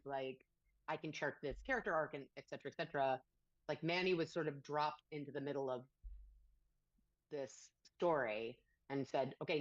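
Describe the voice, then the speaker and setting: A woman answering interview questions thoughtfully, pausing to search for words. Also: low-pitched, dry recording, highs cut off.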